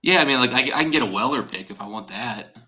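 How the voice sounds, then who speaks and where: A man's voice: mid-range voice, lively intonation, fast talker, sharp tone. A man chatting casually on a live stream as its host, rambling and restarting his sentences. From Ohio, USA.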